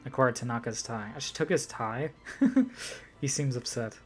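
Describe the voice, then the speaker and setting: A man's voice: mid-range voice, normal speed, soft background music. A man playing through a visual novel, reading its lines aloud with casual, swearing commentary. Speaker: let's player.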